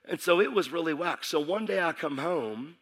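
A man's voice: a little high, expressive, normal speed, a bit bright. A middle-aged man preaching his testimony as a sermon, telling his story intensely and acting out the dialogue.

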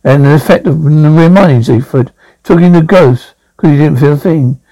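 A man's voice: a little high, normal speed, dark tone, no echo, poor audio. A man reading a novel aloud as an audiobook narrator, with frequent stumbles and restarts.

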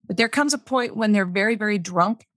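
A woman's voice: medium pitch, fairly quick, fairly bright tone, no echo, studio quality. Candid woman telling a personal story. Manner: candid, plain-spoken, repeats phrases for emphasis. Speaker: podcast guest.

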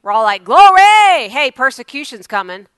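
A woman preaching a sermon, moving from loud exclamations to hushed asides. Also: a little high, normal speed, clean tone, no room sound.

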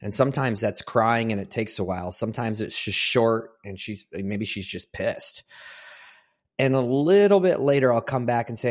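A man's voice: medium pitch, expressive, moderate pace. A middle-aged man hosting a solo podcast, giving earnest conversational advice to other men. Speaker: podcast host.

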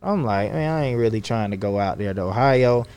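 A man's voice: lowish voice, animated, brisk, a little mellow, clear, resonant tone. A man from Georgia with a Southern accent, a guest casually telling stories in a slangy, laid-back way. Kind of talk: casual conversational storytelling.

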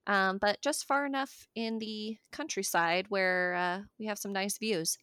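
Slow, dry-spoken woman co-host. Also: mid-range voice, bright, forceful tone, smooth. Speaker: podcast co-host. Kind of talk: casual chat.

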